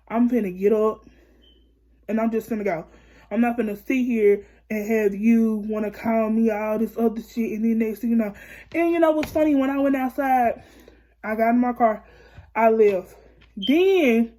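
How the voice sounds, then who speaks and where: A woman's voice: a little high, a little mellow. A young woman, angrily retelling a personal story in a casual vlog, swearing freely and acting out both sides of an argument. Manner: heated, profane retelling with quoted back-and-forth.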